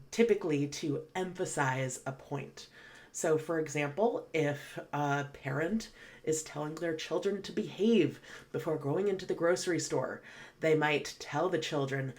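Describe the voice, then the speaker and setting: A woman teaching English vocabulary, patiently explaining definitions and reading example sentences. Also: low-pitched. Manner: patient, clear, spells out definitions then reads example sentences.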